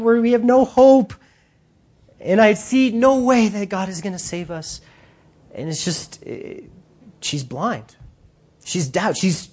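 An emphatic preacher gives a lively sermon, speaking straight to the congregation. The delivery is animated and insistent, with bursts of speed and sudden emphasis. The voice sits in a middle pitch range.

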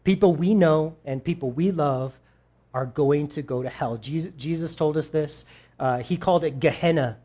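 A man preaching a sermon in a casual, conversational way, acting out quoted voices with big jumps in pitch and talking straight to his audience. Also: moderate pace, warm tone, slightly rough. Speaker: pastor.

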